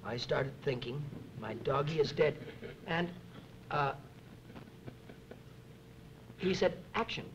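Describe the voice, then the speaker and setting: A man's voice: a little high, animated. Rambling man on a noisy 1960s tape. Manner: halting with many fillers, acts out others' lines. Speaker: film actor at a press interview. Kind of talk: rambling anecdotal chat. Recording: noisy 1960s archive recording.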